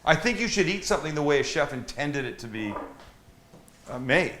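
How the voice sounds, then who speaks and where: A middle-aged man hosting a relaxed kitchen chat, his pitch swinging widely as he talks. He tells funny stories, swears casually and laughs with friends around him. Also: normal speed. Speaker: host.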